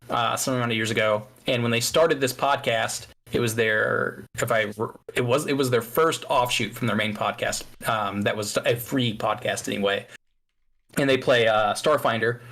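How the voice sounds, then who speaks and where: A man's voice: mid-range voice, a bit bright. A man co-hosting a podcast in casual chat, easygoing, with fillers and restarts. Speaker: podcast co-host.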